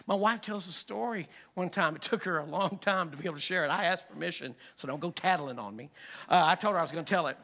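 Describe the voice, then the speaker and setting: A middle-aged man, preaching a sermon in a church and telling a funny family story with lively ups and downs in volume. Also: a little high, quick pace. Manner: humorous storytelling, animated, swings from soft to loud. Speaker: pastor. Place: church sanctuary.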